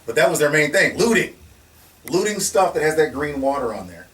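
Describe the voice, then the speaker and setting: Animated man telling stories, far mic. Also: on the high side, brisk. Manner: animated, laughing, restarts and acts out quotes. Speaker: security company founder, guest. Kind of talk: casual storytelling conversation. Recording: distant mic with faint noise.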